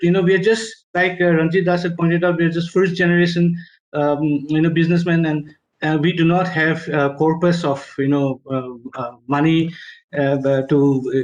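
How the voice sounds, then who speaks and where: A man, a tour business owner speaking in a webinar, halting and emotional, full of fillers and restarts. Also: fairly high pitch, a little mellow, highs cut off. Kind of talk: webinar discussion. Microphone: video call.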